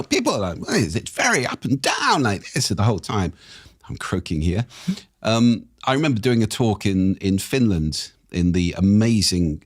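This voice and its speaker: A man speaking as a guest on a podcast, explaining ideas with an expressive, animated delivery. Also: no room sound, clean studio sound. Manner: expressive, animated delivery with wide pitch swings. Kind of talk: interview conversation.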